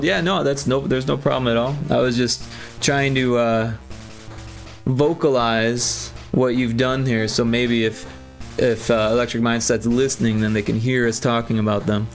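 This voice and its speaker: A man streaming his game development, chatting casually and thinking aloud with lots of fillers. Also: mid-range voice. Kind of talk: casual livestream chat.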